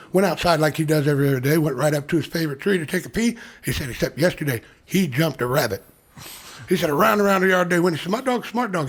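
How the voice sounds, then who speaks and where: A man's voice: on the high side, husky. An older man with an American Midwestern accent, a guest telling folksy dirty jokes in a casual chat and acting out the characters. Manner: folksy storyteller, acts out characters in his jokes.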